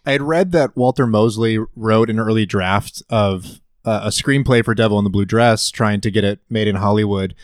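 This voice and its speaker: A man as podcast guest, discussing actors and a film in a measured, thoughtful way. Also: fairly low pitch, dry recording, studio quality.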